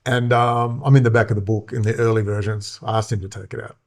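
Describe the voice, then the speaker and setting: A man's voice: fairly low pitch, level tone, quick pace, creaky. A middle-aged man, hosting a rambling monologue, heated and full of swearing and filler words. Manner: profane, heated, many fillers. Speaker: show host.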